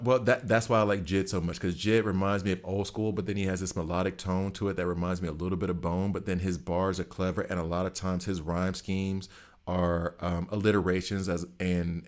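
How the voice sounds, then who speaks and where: A middle-aged man streaming a game, rambling through opinions and laughing often in casual chat. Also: sits low. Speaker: gaming streamer.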